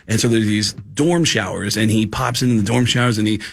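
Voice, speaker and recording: A man, a guest comedian, telling animated stories in casual chat on a radio podcast. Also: lowish voice, brisk, gravelly. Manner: animated storyteller, doing voices in anecdotes.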